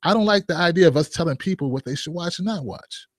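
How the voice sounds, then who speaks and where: A man's voice: on the high side, lively intonation, fast, no echo, clean studio sound. A man hosting a commentary show, joking and firing rhetorical questions and asides at his viewers. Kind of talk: opinion commentary vlog.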